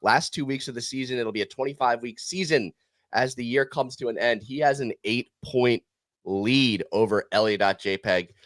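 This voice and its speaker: A man's voice: mid-range voice, a bit bright, no room sound. A man hosting a casual podcast, running through a prediction game in an upbeat, chatty way. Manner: upbeat, runs a prediction game with quick asides. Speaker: podcast host.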